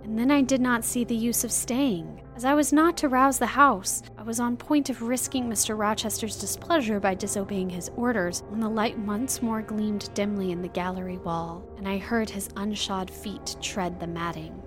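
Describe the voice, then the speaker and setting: A woman reads a first-person novel as an audiobook, her delivery measured and dramatic. Her voice sits at an ordinary pitch for a woman. Soft music plays faintly in the background. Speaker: audiobook narrator.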